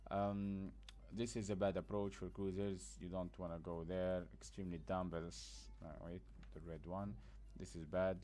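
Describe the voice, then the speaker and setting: A man's voice: low voice, flat delivery, normal speed, hardly any pauses, dark tone. A man giving a casual, blunt gameplay tutorial, sleepy after just waking up, rambling with plenty of fillers. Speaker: gaming guide creator.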